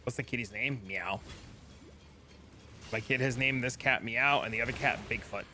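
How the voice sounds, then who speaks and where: A man streaming a game, chatting casually with viewers, profane and animated when telling a story. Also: mid-range voice, normal speed, a little hiss or hum. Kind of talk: casual chat.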